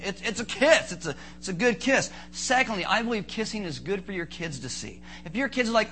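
A man preaching a sermon as pastor, joking and animated, acting out little asides for his congregation. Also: high-pitched, fairly quick, hardly any pauses, slight background noise.

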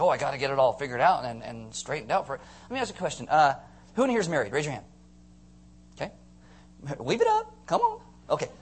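A male pastor giving a sermon to a congregation, telling stories in a joking, animated way and acting out voices. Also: high-pitched, husky. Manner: joking, animated storyteller who acts out voices. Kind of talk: sermon with storytelling. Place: church before a live congregation.

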